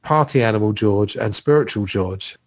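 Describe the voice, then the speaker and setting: A man's voice: fairly low pitch, normal speed. A man hosting a casual podcast conversation, chatty and thinking aloud with plenty of fillers. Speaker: podcast host.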